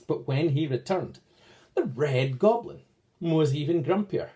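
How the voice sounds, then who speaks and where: A man telling a picture story to children, his voice mellow and dark. He reads slowly, letting his pitch rise and fall widely to paint each scene. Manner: slow, expressive read-aloud with sweeping pitch.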